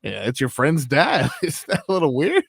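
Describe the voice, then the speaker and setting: A man's voice: a little high, huge pitch swings, moderate pace, vocal fry, breathy edge, dry recording, studio quality. A man co-hosting a sports radio show, laughing and asking questions in casual banter. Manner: laughs often, reacts and asks questions.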